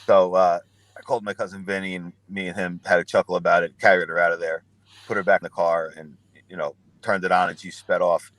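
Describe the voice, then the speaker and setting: A man's voice: low-pitched, little pitch movement, fast talker, a bit bright, no echo. Profane storytelling man, dry close sound. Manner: profane, rambling anecdotes with acted-out quotes. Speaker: podcast guest. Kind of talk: casual storytelling.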